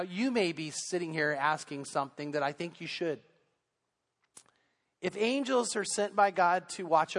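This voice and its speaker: A man's voice: on the high side, a bit bright. A man preaching a Sunday sermon as pastor, telling stories with earnest, building intensity into a pulpit microphone. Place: church sanctuary. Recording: long church reverb.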